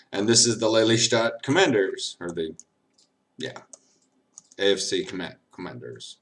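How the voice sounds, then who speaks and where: Slow, rambling tipsy man streaming. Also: lowish voice, a bit bright. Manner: rambling, giggly, jokey. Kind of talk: casual chat while gaming.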